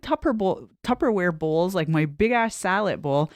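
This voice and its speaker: A woman's voice: lowish voice, animated, normal speed, hardly any pauses, no echo, studio quality. A woman co-hosting a podcast, telling a story in casual chat with plenty of swearing and laughter. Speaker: podcast co-host.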